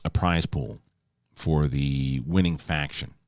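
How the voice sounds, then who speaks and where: A middle-aged man hosting a casual solo show, telling stories with lively, animated delivery and reading a sponsor spot. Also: very deep voice, takes it slowly, clear, resonant tone, no room sound. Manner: animated storytelling, yelling in quoted outbursts. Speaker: host.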